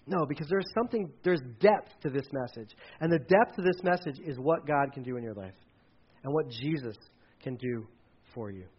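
A man's voice: mid-range voice, animated, breathy edge, highs cut off. A man preaching from a church stage with a mic, talking casually and often repeating words. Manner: conversational, repeats words, quick asides. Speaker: pastor. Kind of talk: sermon with children's object lesson. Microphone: handheld or headset mic.

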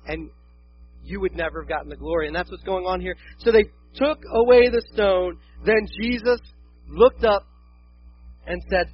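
A man preaching a sermon as a pastor, animated and acting out quoted voices. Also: high voice, fairly quick, dull audio, slight background noise.

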